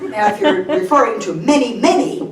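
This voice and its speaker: A woman's voice: fairly high pitch, expressive, a little fast, far from the mic, a crowd in the background. A woman with a Texan accent gives a humorous talk, joking and turning to the audience with asides. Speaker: speaker. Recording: echoey room, voice off-mic.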